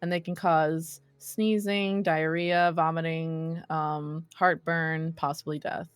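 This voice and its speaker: A woman narrating as game master, playful and quick to laugh as she teases her players. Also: deep voice, level tone, clear, resonant tone, dry recording, faint music behind.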